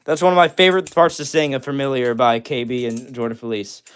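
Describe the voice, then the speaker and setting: A man's voice: medium pitch, little pitch movement, fast, a bit bright, clear, resonant tone. A young man hosting a casual livestream, reading chat comments aloud and breaking into short bits of songs. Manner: laid-back, answers chat and breaks into short song bits. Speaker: livestream host.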